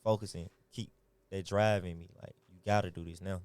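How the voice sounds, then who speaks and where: A man's voice: low voice, steady tone, brisk, darkish tone, clean tone, dry recording. A young man from Atlanta with an Atlanta accent, a rapper giving laid-back, slangy answers in an interview. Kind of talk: casual interview chat.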